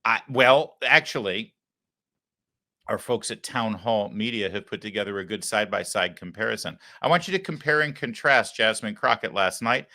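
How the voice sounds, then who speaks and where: A man's voice: on the low side, animated, moderate pace, sharp tone. A man hosting a political talk show, delivering mocking commentary with wry asides.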